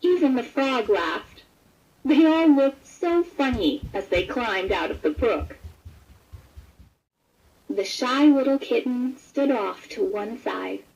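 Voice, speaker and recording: Slow, gentle woman reading a storybook. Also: a little high, creaky, highs cut off. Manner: gentle, expressive read-aloud. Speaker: storybook narrator. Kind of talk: scripted children's story narration.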